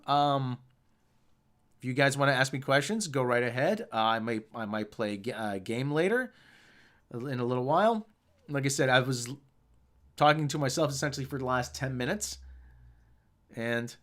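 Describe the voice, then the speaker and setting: A man hosting a casual live stream, rambling and answering the chat. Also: medium pitch.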